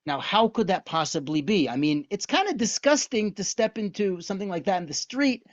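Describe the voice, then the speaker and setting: A man teaches an online lesson and tells its story with animated energy and frequent rhetorical questions. The recording sounds dull and lo-fi. The room is dry, with no echo. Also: high-pitched, a little fast. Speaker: lecturer on Jewish texts.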